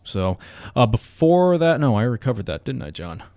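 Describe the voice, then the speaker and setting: A man's voice: medium pitch, very animated, brisk, warm tone, no echo. A young man hosting a college radio metal show, chatting casually in a rambling, self-mocking way. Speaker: radio host.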